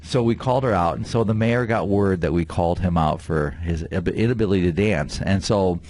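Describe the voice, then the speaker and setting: A man, a county sheriff, telling a story in a folksy, animated way on a radio show in a studio. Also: low voice, fairly quick, dry recording.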